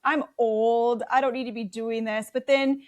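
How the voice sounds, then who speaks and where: A middle-aged woman from South Dakota with an Upper Midwest accent, telling stories chattily in a relaxed interview, acting out the voices she quotes. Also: on the high side, moderate pace. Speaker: guest. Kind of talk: casual conversational storytelling.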